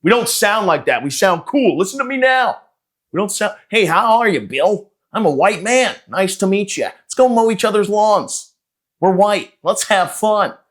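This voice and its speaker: A chirpy, square suburban everyman, as a comedian puts him on. He speaks much higher and louder than the comedian's own voice, drawing his words out in an exaggerated, over-polite way. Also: expressive, normal speed. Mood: mocking chirpy. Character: mocking cheery suburban white guy, middle-aged man.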